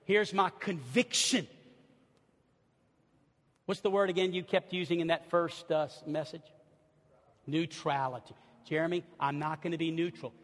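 A pastor preaching a sermon and leading a closing prayer, moving from hushed, intimate lines to rising, impassioned outbursts. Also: male voice, on the high side, steady tone, moderate pace. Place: church sanctuary. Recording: echoey hall with music behind. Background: soft music underneath.

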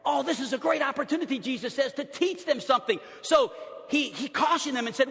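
A man preaches a sermon in a high voice. He swings from loud, emphatic exclamations down to quiet, near-whispered lines. His voice rings out with the long reverb of a big hall. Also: animated, a little fast, creaky. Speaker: pastor.

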